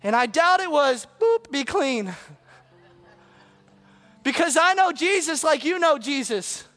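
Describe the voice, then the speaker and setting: A preacher giving a dramatic sermon that swings between loud passages and hushed asides, with faint music behind. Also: sits high, animated, normal speed.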